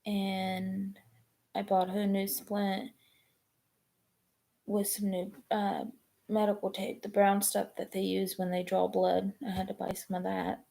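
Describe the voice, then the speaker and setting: Slow, gravelly woman chatting. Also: mid-range voice, monotone, mellow. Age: 20s. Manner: rambling, halting with many ums and restarts. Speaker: live streamer. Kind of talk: casual live-stream chat.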